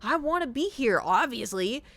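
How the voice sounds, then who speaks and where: A woman in her thirties chatting casually on a live stream, telling a rambling, animated story with restarts and the odd swear word. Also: on the high side, moderate pace. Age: 30s.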